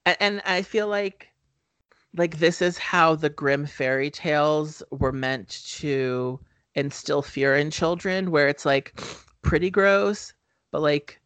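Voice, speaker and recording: A man's voice: on the high side, steady tone, slow pace, a bit bright, smooth, no echo. Rambling man on a podcast, dry sound. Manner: rambling, heavy on "um" fillers. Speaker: podcast co-host. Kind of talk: casual movie-review chat.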